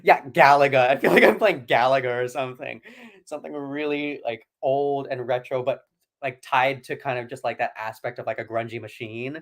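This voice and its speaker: A man's voice: mid-range voice, normal speed. A man from California co-hosting a casual livestream, enthusiastic, repeating himself and stammering into sentences. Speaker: co-host of a livestream. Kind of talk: casual chat.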